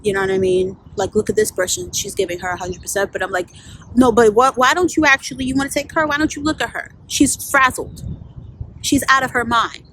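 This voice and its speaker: A woman's voice: on the high side, lively intonation, fairly quick, a bit bright, slight background noise, rough recording. A woman vlogging outdoors, telling a candid, profane story in a casual storytime style full of fillers. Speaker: vlogger and life coach.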